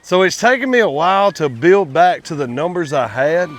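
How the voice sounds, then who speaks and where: Guy vlogging at his quail pens, high lively voice, bit of outdoor noise. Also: normal speed. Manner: folksy, chatty, addresses viewers as y'all. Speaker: quail farmer and channel host. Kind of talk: casual outdoor vlog.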